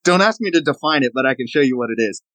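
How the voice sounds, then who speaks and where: A man's voice: medium pitch, expressive, rapid-fire, fairly bright tone, no echo, rough recording. A man from the American South, a knife maker guest, explaining and showing his work in a casual interview. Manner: explanatory, demonstrating objects as he talks.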